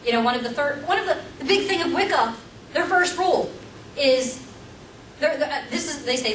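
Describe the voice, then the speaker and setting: A woman's voice: high voice, expressive, moderate pace, fairly bright tone. Woman teaching a seminar in an echoey room. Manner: emphatic, asks the audience rhetorical questions. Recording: roomy, distant mic, faint background hum.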